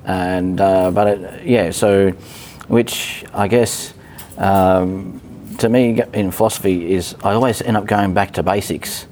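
Man, podcast guest, fairly low voice, halting and filler-heavy, faint noise behind. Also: steady tone, darkish tone. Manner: hesitant, many fillers and restarts. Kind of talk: casual podcast conversation.

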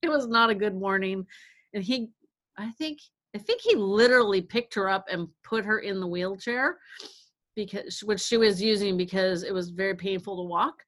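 Middle-aged woman, casual storyteller, animated, acts out dialogue. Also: mid-range voice, normal speed. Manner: animated, acts out quotes, laughs often. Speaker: guest caregiver.

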